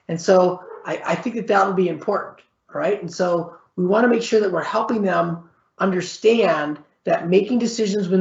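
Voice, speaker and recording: A middle-aged man with a gravelly edge in his voice gives a conversational webinar lecture. He keeps checking in with his listeners and acts out little exchanges in a livelier voice. The audio sounds echoey and slightly muffled. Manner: conversational, repeats "all right?" and "right?" as check-ins; acts out short exchanges with varied pitch. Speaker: psychology professor presenting a webinar.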